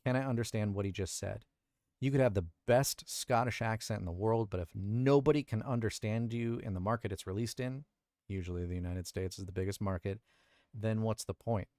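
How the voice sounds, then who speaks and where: A man's voice: fairly low pitch, a little mellow, no room sound, studio quality. A male voice actor chatting casually on a livestream, explaining his editing and thinking aloud from his recording booth. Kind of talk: casual livestream chat about audio editing.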